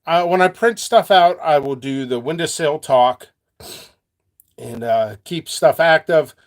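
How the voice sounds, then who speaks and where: A man chatting freely to his viewers as a seed seller, his fairly high voice bouncing up and down. He jumps from topic to topic, cracking jokes and laughing along the way. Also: expressive, a little slow. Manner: rambling, joking, laughs a lot. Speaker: seed seller and channel host. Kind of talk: free-flowing casual talk to viewers.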